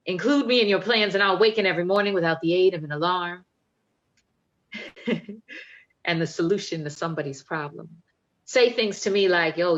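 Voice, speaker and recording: Low-voiced woman poet on a video call. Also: highs cut off. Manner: emphatic, playful and talkative. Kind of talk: poetry reading and chat.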